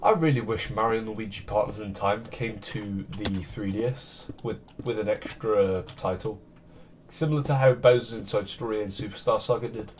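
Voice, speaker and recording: Male streamer, lowish voice, rambling and easygoing, faint keyboard clatter behind. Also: normal speed, a little hiss or hum. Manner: rambling, easygoing, self-deprecating. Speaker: game streamer. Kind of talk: casual gameplay commentary.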